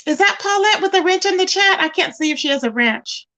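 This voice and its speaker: A woman's voice: very high-pitched, lively intonation, fairly quick, bright, forceful tone, muffled recording. A woman hosting a casual livestream, chatting straight to her viewers and calling them "y'all" and "child". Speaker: livestream host.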